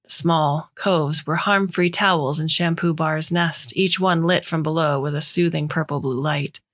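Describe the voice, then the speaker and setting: A woman narrating a short story in a measured, even way. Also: deep voice.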